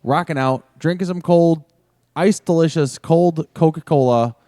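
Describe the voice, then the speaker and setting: A man's voice: a little high, a little slow, warm tone, no room sound. A man hosts a radio show from a bowling alley bar, chatting and clowning with his guests. His tone is playful and teasing. The sound is dry and close. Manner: jokey, playful, talks over banter. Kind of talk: casual on-location interview chat.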